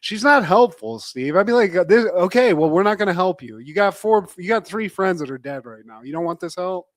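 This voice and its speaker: A man co-hosting a podcast, recapping a show in a joking, animated way. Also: sits high, no echo. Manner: joking, animated, quick asides to his co-host. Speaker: podcast co-host. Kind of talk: casual recap chat.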